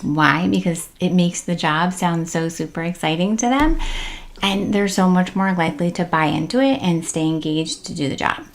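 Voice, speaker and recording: A woman's voice: on the low side, moderate pace. A woman giving casual, chatty parenting tips as the host of a tip series, with many fillers and upbeat emphasis. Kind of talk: casual instructional talk to camera.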